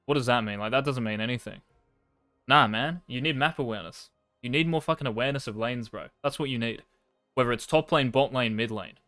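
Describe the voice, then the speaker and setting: Young man, game coach, blunt and sweary, casual slang, mid-pitched voice. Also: brisk, pushed and bright, no echo, faint music behind. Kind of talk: blunt gameplay coaching over a replay.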